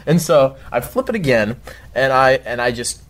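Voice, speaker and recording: A young man tells a story in an easygoing way, breaking into loud, profane outbursts when he acts out what he said. His voice sits in an ordinary middle pitch, and his talk is loose and animated. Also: normal speed. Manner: animated, swears a lot, shouts quoted outbursts. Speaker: guest storyteller. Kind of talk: casual storytelling.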